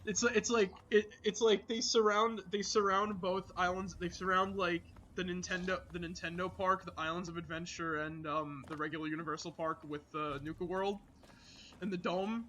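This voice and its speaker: A man streaming a game, chatting casually with friends and rambling excitedly with many restarts. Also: high voice, normal speed, slight background noise. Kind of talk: casual gaming chat.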